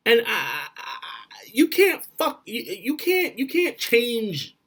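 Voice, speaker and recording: A man giving blunt, profane relationship advice straight to the camera, swinging between loud and quiet. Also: very high voice, wildly swooping pitch, takes it slowly, husky. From Florida. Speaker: vlogger.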